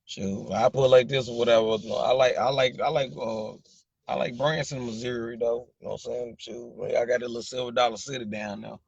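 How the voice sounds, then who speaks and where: Gravelly Southern man chatting live. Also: medium pitch, steady tone, fairly quick, no room sound, highs cut off. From Arkansas, US. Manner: rambling, repeats phrases, says "you know what I'm saying" often. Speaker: livestream host chatting with viewers. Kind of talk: casual live chat.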